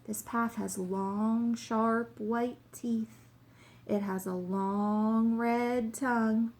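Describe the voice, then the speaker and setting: A woman reading a children's story aloud and voicing a clever, confident male detective who talks briskly and exclaims when he finds a clue. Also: on the high side, animated. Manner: brisk, sure of himself, exclaims.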